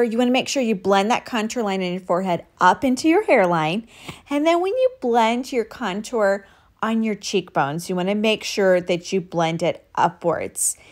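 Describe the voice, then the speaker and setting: A woman talks through her makeup routine step by step, upbeat and instructive as she works. Her voice sits at an ordinary middle pitch. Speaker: makeup tutorial host.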